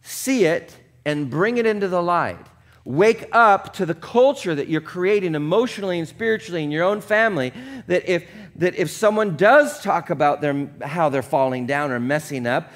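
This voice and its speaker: A man preaching a conversational sermon, casual and chatty, often checking in with the congregation and dropping low and quiet for earnest points. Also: animated, normal speed. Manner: casual and chatty, with frequent "like" and "right?". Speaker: pastor.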